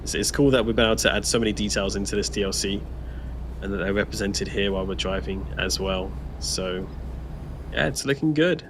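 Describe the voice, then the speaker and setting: A man's voice: on the low side, a little fast, background noise. A man co-hosting a casual gameplay livestream, chatting, laughing often and reading out viewer comments. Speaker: stream co-host.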